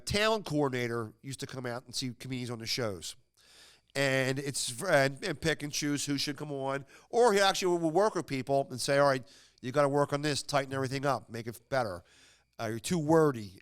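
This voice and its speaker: A man's voice: medium pitch, a bit bright, clean tone, dry recording, clean studio sound. A man hosting a podcast, casually retelling an anecdote in a rambling, chatty way full of fillers and restarts. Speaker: podcast host.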